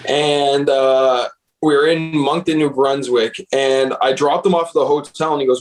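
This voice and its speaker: A man's voice: mid-range voice, steady tone, fairly quick, low-quality recording. A young man, a booking agent, casually telling road stories, profane and laid-back, laughing along. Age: young adult. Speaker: guest, concert booking agent. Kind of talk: casual storytelling.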